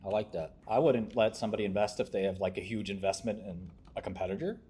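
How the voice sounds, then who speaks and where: A young man in casual livestream stock commentary, offhand and sardonic, with deadpan asides. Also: fairly low pitch, fast, husky. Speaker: stock-review streamer.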